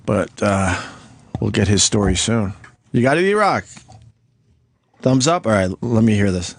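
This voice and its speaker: A man's voice: lowish voice, animated, unhurried, no room sound. A man hosting a talk radio show, laid-back and chuckling as he steers the talk.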